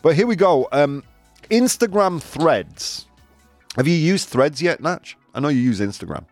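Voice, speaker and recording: A man's voice: fairly high pitch, very animated, a little slow, no echo, soft background music. A man hosting a casual news chat show, chatty and jokey, laughing often and making asides. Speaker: host.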